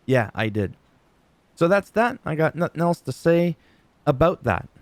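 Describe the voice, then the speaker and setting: A man giving a casual, chatty wrestling recap, animated and quick to act out quoted lines. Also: fairly high pitch, no echo.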